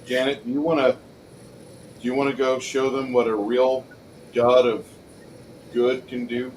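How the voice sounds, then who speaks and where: A man narrating and running a tabletop game as game master, joking and animated. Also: mid-range voice, a little slow, slight background noise, poor audio. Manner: animated, jokey, breaks into loud shouts and put-on voices.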